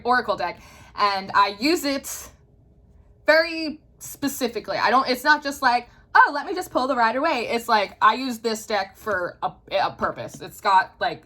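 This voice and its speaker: A woman's voice: mid-range voice, bright, forceful tone, poor audio. A young woman, a tarot reader, telling a story to camera in a casual, chatty way full of fillers, with the odd swear.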